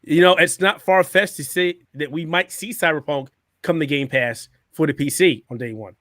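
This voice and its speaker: A man co-hosting a casual gaming podcast, hoarse from a cold, explaining in a relaxed way with small restarts. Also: a little high, normal speed, dry recording, studio quality. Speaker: podcast co-host. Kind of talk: casual chat.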